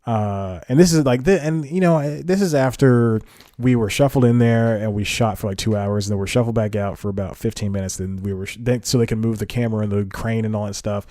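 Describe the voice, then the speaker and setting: Male comedy podcast host, rambling self-correcting monologue delivery, dark mellow tone. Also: on the low side, fairly quick, no room sound, clean studio sound.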